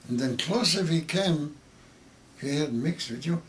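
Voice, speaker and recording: A man in his eighties with Yiddish as his first language, telling a story with halting, repeated words that grow emotional. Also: fairly high pitch, expressive, a bit bright, a little hiss or hum. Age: 80s. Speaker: interviewee. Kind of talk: oral history interview.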